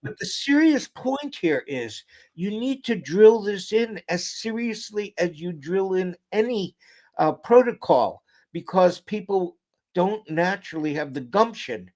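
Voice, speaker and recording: A man, a guest author and lecturer, telling an anecdote in an interview with lively delivery, sometimes dropping almost to a whisper. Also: high voice. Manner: animated storyteller, drops to near-whisper for quotes.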